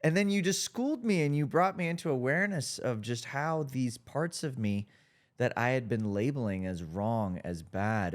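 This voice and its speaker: A man hosting a podcast interview, earnest and reflective, asking questions with many filler likes. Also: fairly low pitch. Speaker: podcast host.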